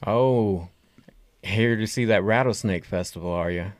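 A man's voice: lowish voice, unhurried, a little mellow, lightly acted. A man playing a huge drawling country man. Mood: friendly.

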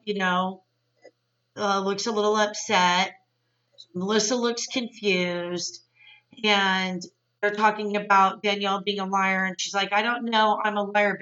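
Excitable gossipy woman recapping tv, bright higher voice, kinda far from the mic. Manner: gossipy, excitable, retells scenes with quoted voices. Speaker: podcast host. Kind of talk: casual recap commentary. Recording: dull lo-fi sound, mic at a distance.

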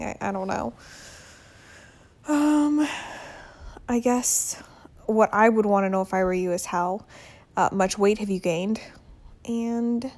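A young woman hosting a casual solo podcast from her bedroom at home, chatty and candid with soft laughs. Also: mid-range voice. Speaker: podcast host.

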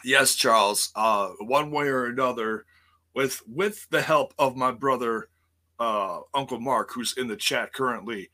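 A man chatting through wrestling news on a live stream, taking his time with an unhurried pace. His voice has a bright, forceful edge, and he rambles with plenty of "uh"s and "you know"s, correcting himself as he goes and dropping jokey asides. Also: medium pitch. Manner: rambling, many fillers and self-corrections, jokey. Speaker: wrestling news show host.

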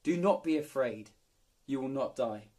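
A man voicing God as a calm, unhurried, reassuring presence, speaking slowly and solemnly. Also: mid-range voice, voice pushed down. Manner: slow, soothing, solemn.

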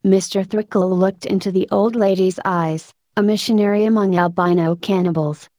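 A woman narrating a story aloud in a measured, expressive audiobook style. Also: medium pitch, no room sound.

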